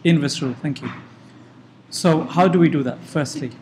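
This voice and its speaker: A man's voice: fairly high pitch, normal speed, background noise. A man tutoring algebra in a classroom, asking probing questions and correcting terms. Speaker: maths teacher.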